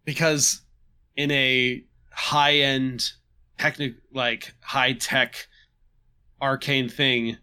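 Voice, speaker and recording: A man casually recapping a tabletop game session, halting and restarting with chuckles. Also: mid-range voice, level tone, sharp tone, clear, resonant tone. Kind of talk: casual chat.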